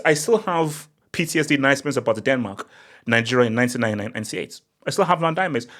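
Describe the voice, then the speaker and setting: A man hosting his own football channel, talking casually in an animated, excitable way with frequent restarts and sudden rising outbursts. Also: mid-range voice. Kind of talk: casual opinion monologue.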